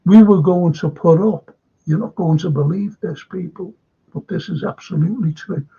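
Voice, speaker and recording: On a dull, lo-fi live stream about current affairs, an older man with a Liverpool accent chats and rambles, saying hello to viewers in the chat. He has a high voice with a dark tone and breathy edge, speaking at a moderate pace.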